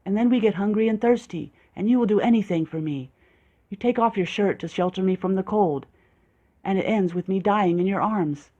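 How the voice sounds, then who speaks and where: An audiobook reader voicing an excitable, morbidly romantic young woman who gushes with breathless enthusiasm. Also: medium pitch, brisk, highs cut off, lightly acted. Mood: gushing. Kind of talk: audiobook character voice.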